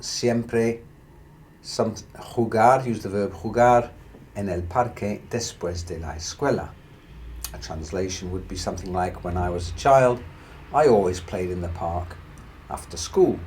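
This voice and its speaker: Slow, deep-voiced male language teacher. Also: darkish tone, slight background noise. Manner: slow, careful explanations with Spanish examples. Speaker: Spanish teacher. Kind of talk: grammar lesson.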